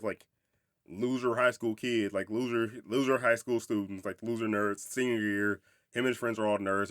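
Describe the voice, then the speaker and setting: Young man, podcast host, low voice, rapid and rambling, swears freely, dry close sound. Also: dry recording. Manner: rambling, profane, laughs often. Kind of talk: casual movie review chat.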